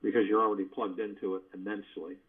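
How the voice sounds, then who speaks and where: A man's voice: fairly low pitch, flat delivery, fast talker. A man hosting a meditation call, giving spiritual teaching in a folksy, conversational way full of rhetorical questions. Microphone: phone. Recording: dull lo-fi conference call line.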